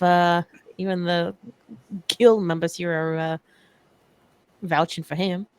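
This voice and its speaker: A woman's voice: fairly low pitch, little pitch movement, slow, pauses often, a little mellow, clear, resonant tone, no room sound. A woman playing a tabletop game who asks questions in a casual way. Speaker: player.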